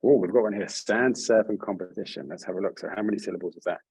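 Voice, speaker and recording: A man's voice: fairly low pitch, very fast, hardly any pauses, a little mellow, husky, no room sound, low-quality recording. A man leading an online writing workshop over a video call, speaking in a friendly, encouraging way with frequent restarts. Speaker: workshop leader.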